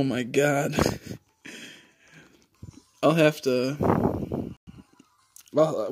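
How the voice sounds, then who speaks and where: A man's voice: mid-range voice, darkish tone. Give me a man chatting casually on a livestream, rambling and swearing freely.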